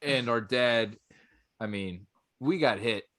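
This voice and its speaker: A man co-hosting a podcast in easygoing, casual chat. His voice is bright with a middle pitch. He rambles, hunting for words and filling his speech with "like" and "you know". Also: slow. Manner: rambling, full of "like" and restarts. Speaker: podcast co-host.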